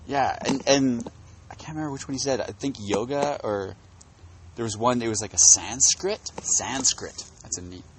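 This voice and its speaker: A man co-hosting a casual podcast outdoors on the grass, telling stories in a rambling, halting way with lots of restarts. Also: medium pitch, background noise. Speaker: podcast co-host. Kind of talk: casual chat. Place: outdoors on grass in a field full of bugs.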